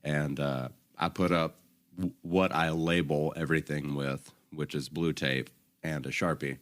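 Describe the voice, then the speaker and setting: A man's voice: a bass voice, fairly even intonation, unhurried. A young man co-hosting a podcast, telling rambling anecdotes in casual chat and often laughing. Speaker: podcast co-host.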